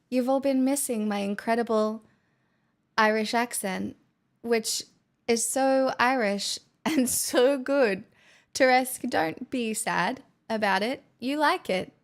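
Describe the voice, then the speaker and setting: A woman's voice: a little high, takes it slowly. A woman streamer chatting casually with her viewers, playful, giggly and teasing. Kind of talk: casual chat.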